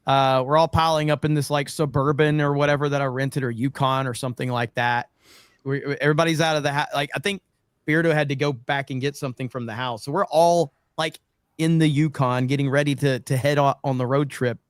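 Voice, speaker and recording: A man's voice: mid-range voice, steady tone, fairly quick, clear, resonant tone, no echo. Rambling, swearing man with a dry sound. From Florida. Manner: rambling and profane, with lots of fillers and asides. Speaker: stream co-host. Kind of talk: casual storytelling chat.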